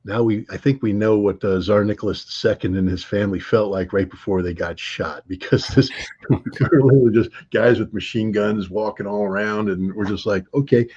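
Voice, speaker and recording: A man telling travel anecdotes in an interview, rambling with many fillers, restarts and laughs, his voice husky. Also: on the low side, fairly even intonation, moderate pace, a little mellow. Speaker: interview guest. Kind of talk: conversational storytelling. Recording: dull lo-fi audio.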